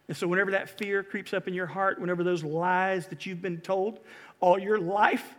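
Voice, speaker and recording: A man preaching a sermon as pastor, impassioned, swinging from loud rousing calls to quiet earnest pleas. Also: high voice, normal speed, long reverb tail. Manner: impassioned, rising to loud exhortation and dropping to hushed pleas.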